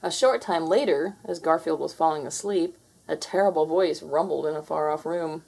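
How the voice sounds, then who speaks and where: A woman narrating a children's storybook read-aloud in an expressive way. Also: low-pitched, moderate pace, creaky, slightly rough.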